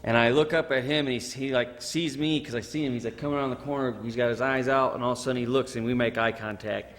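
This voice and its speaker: A man's voice: medium pitch, fast, long reverb tail. A man in his forties from Michigan, a veteran telling his story in an oral history interview, acting out what people said and saying "you know" a lot. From Michigan, USA. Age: 40s. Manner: animated storyteller who acts out quotes and says "you know" often.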